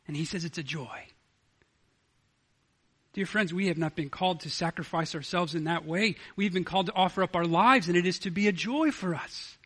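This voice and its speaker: A male pastor preaching an earnest sermon in a bright, fairly high voice. He often stumbles into restarts and repeated words as he builds his point. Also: breathy edge.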